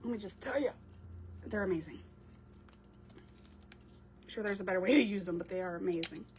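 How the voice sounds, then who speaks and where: A craft creator chats with viewers during a casual livestream, talking mid-project in a mid-range, fairly quick voice. She's chatty, reading out viewer comments and answering them as she works, with faint clicks and noise in the background.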